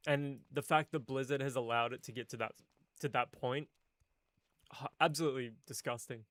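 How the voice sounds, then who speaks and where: A man's voice: mid-range voice, steady tone, a bit bright, dry recording. Opinionated man in a dry voice chat. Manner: measured, opinionated, hesitant restarts. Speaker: streamer host. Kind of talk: casual voice-call chat.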